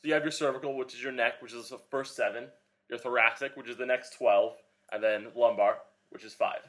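A man's voice: mid-range voice, fairly even intonation, a little fast, a bit bright. A young man co-hosting a fitness podcast in casual chat, rambling with lots of fillers as he explains. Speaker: podcast co-host, personal trainer.

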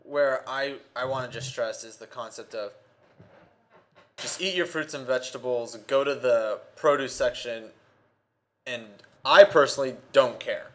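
A man's voice: mid-range voice, a little slow. Easygoing joking man in casual chat. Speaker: podcast co-host.

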